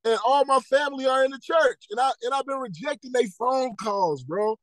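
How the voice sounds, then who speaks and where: Man, 30s, high voice, earnest testimony with acted-out quotes, dry close sound. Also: moderate pace, dry recording, poor audio. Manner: earnest storytelling, repeats key phrases, acts out dialogue. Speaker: podcast guest, motivational speaker. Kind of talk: personal testimony in casual interview.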